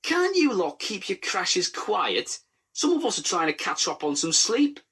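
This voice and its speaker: A man doing a grumpy signalman woken from sleep, moaning in a high, whiny voice with a husky grain. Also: wildly swooping pitch, measured pace, a bit bright, full character voice. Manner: moaning, whining. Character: sleepy irritable male signalman.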